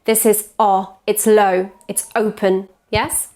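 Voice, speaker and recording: Woman, pronunciation coach; slow, deliberate delivery, models each vowel with repeated examples. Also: mid-range voice, little pitch movement, a little mellow. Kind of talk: pronunciation lesson.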